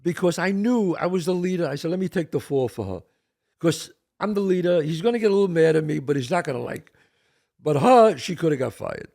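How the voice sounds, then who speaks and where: Older man, gravelly voice, lively pitch, storytelling, acts out quotes, casual talk show co-host. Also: a little fast.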